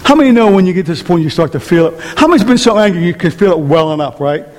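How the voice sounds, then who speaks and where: Brief: male pastor, high voice, animated and jokey sermon, long hall reverb. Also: fast talker. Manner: animated, joking, asks the congregation rhetorical questions.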